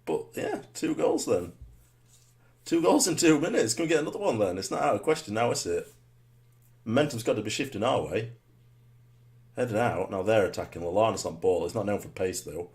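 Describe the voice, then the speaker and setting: Guy, deep voice, mumbling commentary over his football game then yelling all of a sudden, really up and down. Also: a little fast. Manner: muttered rhetorical asides with sudden excited shouts. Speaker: gamer commentating his own match. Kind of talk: live gameplay commentary.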